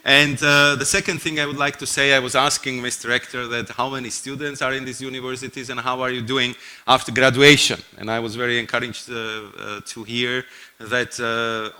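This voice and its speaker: A man's voice: mid-range voice, level tone, brisk, sharp tone. A man from Slovakia with a Slovak accent, giving courteous, earnest public remarks as a guest official. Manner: courteous, earnest, good-humored.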